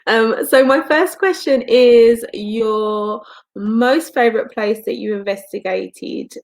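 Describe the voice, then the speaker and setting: A woman's voice: a little high, slow, creaky. A woman co-hosting a podcast, putting questions to a guest in a slightly stumbling, self-deprecating way. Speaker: podcast co-host. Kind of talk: interview questions.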